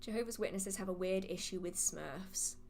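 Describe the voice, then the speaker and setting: A woman hosting a live witchcraft Q&A, chatty and animated, laughing often as she reads questions from the chat. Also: mid-range voice, normal speed, slight background noise. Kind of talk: casual livestream Q&A, reading chat questions aloud.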